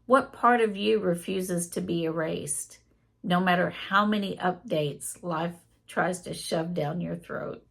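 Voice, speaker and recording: A woman's voice: lowish voice, takes it slowly, gravelly, fairly bright tone, full character voice. A woman reading out the lines of a sarcastic, wry male AI chatbot in a theatrical way. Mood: probing.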